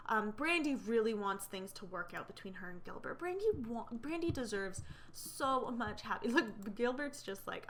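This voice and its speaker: Chatty young woman with a bright voice. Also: medium pitch, big pitch swings, a little fast, few pauses, a little hiss or hum. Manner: chatty, many fillers, gossipy. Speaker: let's play narrator. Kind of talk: casual game commentary.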